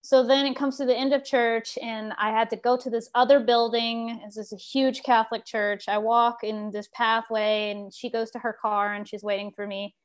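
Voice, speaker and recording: A woman from Texas who leads a sharing circle, telling a personal story in a lively, animated way and laughing as she goes. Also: a little high, normal speed, few pauses. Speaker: group facilitator.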